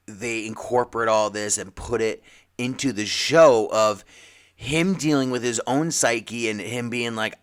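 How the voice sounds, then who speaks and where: A man with a somewhat low voice talks casually as a podcast co-host. He rambles and restarts often, and slips into quick acted-out quotes as he goes. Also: a bit bright. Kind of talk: casual chat about comics and TV.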